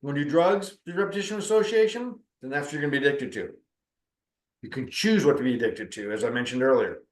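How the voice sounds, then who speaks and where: In a roomy-sounding space, a middle-aged spiritual teacher and counselor relates a spiritual-practice story conversationally, acting out what people said. His mid-range voice moves at a quick pace.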